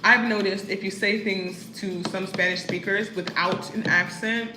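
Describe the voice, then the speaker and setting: A woman's voice: medium pitch, steady tone, unhurried, reverberant, background noise. A young American woman casually telling stories to the camera, chatty and full of fillers. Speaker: vlogger. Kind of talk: casual storytelling chat.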